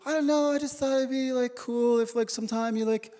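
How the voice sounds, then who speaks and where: A man voicing a whiny wife who complains in bed at night, in a hesitant, drawn-out way. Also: very high voice, fairly even intonation, dark tone, in a large hall, voice pushed up.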